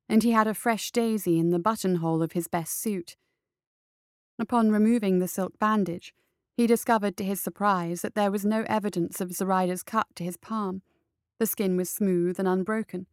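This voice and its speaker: A woman reading a story aloud in steady scripted narration. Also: mid-range voice, moderate pace, clean tone, no room sound, studio quality. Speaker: audiobook narrator.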